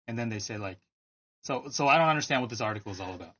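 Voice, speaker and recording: Male co-host, husky, lively delivery, jokey asides, lo-fi recording. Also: medium pitch, very fast. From California. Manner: joking, playful asides. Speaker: podcast co-host. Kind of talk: casual chat. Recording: lo-fi podcast recording.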